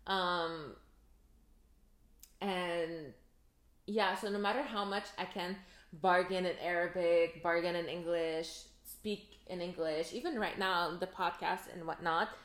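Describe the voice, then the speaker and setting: A young woman from Montreal whose first language is French, co-hosting a podcast in relaxed, chatty casual conversation. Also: lowish voice, slow. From Montreal, Canada. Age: young adult. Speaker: podcast co-host. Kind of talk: casual chat. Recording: roomy echo.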